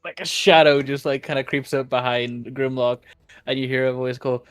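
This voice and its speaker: A man's voice: medium pitch, steady tone, normal speed, fairly bright tone, smooth, dry recording, faint music behind. Rambling man at a tabletop game. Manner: rambling, laughing often. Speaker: player. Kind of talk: casual tabletop play.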